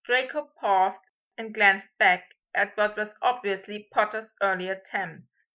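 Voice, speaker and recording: A woman narrating a story in a measured, steady reading voice, on a dull lo-fi recording. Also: mid-range voice. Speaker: audiobook reader.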